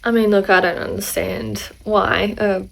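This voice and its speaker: Woman reacting to clips, gravelly, kinda exasperated. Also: medium pitch, steady tone, unhurried, a bit bright, slight background noise, rough recording. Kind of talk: reaction commentary.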